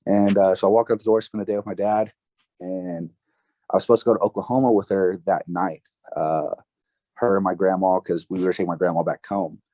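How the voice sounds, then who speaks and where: A man in his twenties, a podcast guest, telling a personal story in a casual, halting way with many fillers and restarts. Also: deep voice, steady tone, warm tone, dry recording, lo-fi sound. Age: 20s. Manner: emotional, recounting grief.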